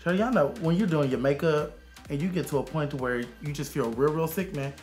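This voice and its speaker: A man's voice: a little high, a little fast, over music. A man, a makeup artist giving a sassy, chatty casual makeup tutorial. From Arkansas, USA. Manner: sassy and chatty, calls viewers honey and child.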